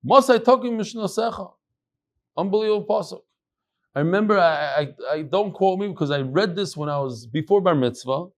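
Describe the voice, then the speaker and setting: A middle-aged rabbi with a fairly high voice gives an animated daily Talmud class. He reads the text and then drops into casual, chatty asides. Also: brisk. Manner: animated, jumps between quoting Aramaic and chatty English.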